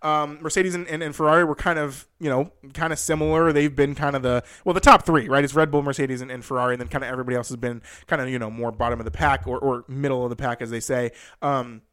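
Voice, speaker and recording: A man's voice: medium pitch, fairly even intonation, quick pace, few pauses, fairly bright tone, clear, resonant tone. A young man talking through a motorsport season in a loose, rambling way, full of restarts and "you know", rising in disbelief as he goes. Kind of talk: casual motorsport commentary.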